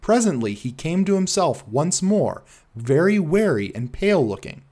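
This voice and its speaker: A man narrating a classic detective story as an audiobook in an expressive storytelling manner. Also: a little high, moderate pace.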